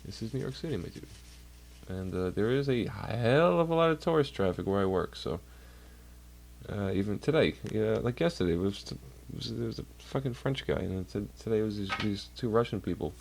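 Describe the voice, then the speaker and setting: A man's voice: on the low side, lively intonation, fairly quick, creaky, darkish tone. A man chatting casually on a livestream from home, rambling and swearing while doing chores. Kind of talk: casual rambling stream chat. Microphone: computer mic while streaming.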